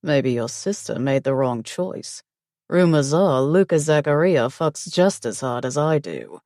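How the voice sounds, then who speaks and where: Audiobook: woman doing a husky, low, domineering mafia husband, slow and dark. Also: animated, no room sound, studio quality, exaggerated voice. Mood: commanding. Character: possessive, commanding young male mafia husband. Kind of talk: audiobook character voice.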